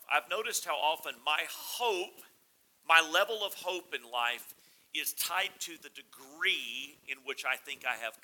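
A man's voice: on the high side, sharp tone, rough recording. A man in his forties preaching a sermon in a conversational, humorous storytelling manner. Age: 40s. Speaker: pastor.

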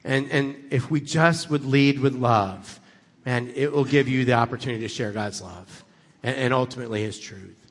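A man preaching as a guest speaker, telling a story with lively acted-out dialogue. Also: mid-range voice, normal speed, long reverb tail. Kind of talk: storytelling sermon.

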